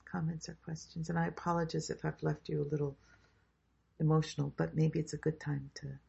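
A woman leading a group workshop who guides a grounding meditation in a slow, soothing way and then invites comments. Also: sits low, flat delivery, gravelly, warm tone, slightly rough. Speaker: workshop leader. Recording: dull lo-fi sound.

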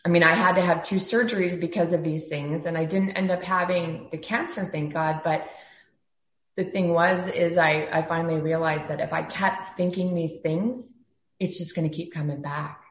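A woman's voice: on the low side, steady tone, moderate pace, roomy sound, muffled recording. A woman in a group video call sharing a personal story earnestly, often trailing off into fillers. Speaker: workshop participant.

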